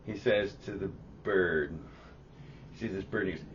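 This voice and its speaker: A man's voice: low-pitched, normal speed, dull audio, a little hiss or hum. A man co-hosting a podcast, telling stories in casual chat, swearing and acting out what people said. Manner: animated, swearing, acts out quotes. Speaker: podcast co-host.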